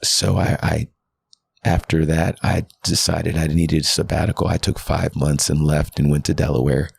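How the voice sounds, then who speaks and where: A man's voice: rumbling low, flat delivery, normal speed, gravelly, husky. A man in his thirties, a pastor and podcast guest, telling a personal story in an earnest, heartfelt way. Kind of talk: candid personal testimony.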